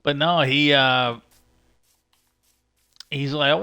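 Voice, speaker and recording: Bright-voiced man rambling on a livestream. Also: a little high, smooth. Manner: halting, restarts often, swears casually. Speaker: livestream host. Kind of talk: casual rambling commentary.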